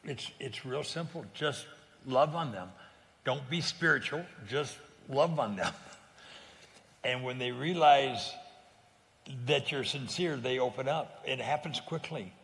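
Gravelly earnest man telling stories. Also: medium pitch, measured pace, a bit bright, big-room sound. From California. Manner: earnest, plain-spoken storytelling with frequent restarts. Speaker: guest evangelist. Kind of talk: casual interview chat.

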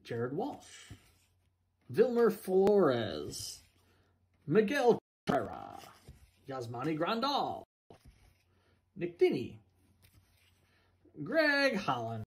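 A man's voice: on the high side, wildly swooping pitch, gravelly. A man reading out player names during a card box break, with playful asides. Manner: slow, singsong name-calling with playful asides.

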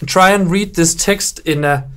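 A man's voice: high-pitched, a little slow, very noisy. A young man, a game developer judging player builds in casual, playful gameplay commentary full of teasing banter. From Denmark.

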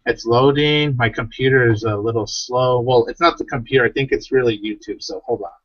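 A man co-hosting a casual livestream reads viewers' questions aloud and chats, talking a little fast in a mid-range voice. The recording is dry, with dull lo-fi stream audio.

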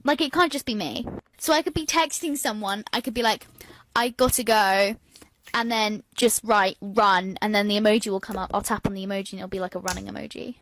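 A woman's voice: medium pitch, fast talker, a bit bright, low-quality recording. A woman chatting casually about a habit, rambling and saying "like" often. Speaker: storyteller. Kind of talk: casual chat. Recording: crinkling and clicking noise behind.

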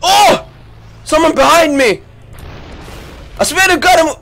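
A man streaming live gameplay, reacting with loud excited exclamations and swearing. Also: very high voice, takes it slowly, pauses often. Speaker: gaming streamer.

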